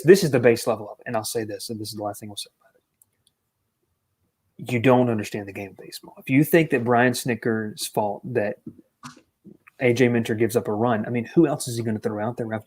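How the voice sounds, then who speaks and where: A man co-hosting a casual sports talk show, ranting with animated exasperation. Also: mid-range voice, a little fast. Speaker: co-host.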